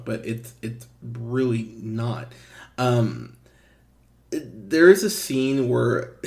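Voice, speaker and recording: A man's voice: mid-range voice, gravelly. Blunt, swearing male movie reviewer. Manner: blunt, swears, lively emphasis with fillers and restarts. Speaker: podcast host.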